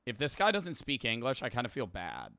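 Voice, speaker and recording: Bright-voiced young streamer reacting casually. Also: male voice, mid-range voice, huge pitch swings, brisk, dry recording, clean studio sound. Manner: laughing, rambling, swears casually.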